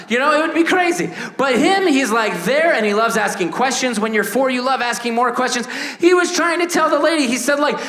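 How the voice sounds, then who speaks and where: A man in his thirties doing a stand-up comedy set, animated, acting out voices and shouting punchlines. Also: very high-pitched, a little fast, roomy sound. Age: 30s. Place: stage before a laughing audience.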